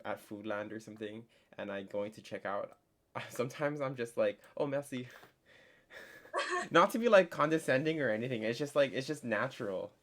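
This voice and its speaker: A young man teaching a casual online French lesson, chatty and full of fillers, slowing down to spell out words. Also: mid-range voice, expressive, fairly bright tone.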